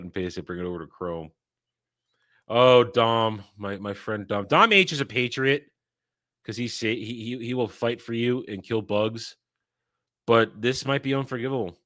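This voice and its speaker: A man's voice: on the low side, pushed and bright. A man from New York doing casual stream commentary, ranting with mock outrage and plenty of swearing. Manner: profane, mock-indignant ranting. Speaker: streamer reacting to clips.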